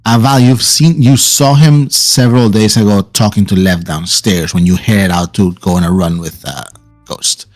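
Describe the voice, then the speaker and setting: Low-voiced man running a tabletop game. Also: fairly even intonation, moderate pace, faint music behind. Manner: casual, with frequent "uh" restarts. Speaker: game master.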